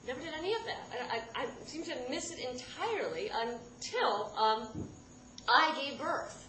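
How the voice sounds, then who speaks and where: A woman telling a personal story live, animated and often laughing mid-sentence as she restarts her words. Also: high voice, normal speed. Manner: animated, self-interrupting, laughing through lines. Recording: echoey room with background noise.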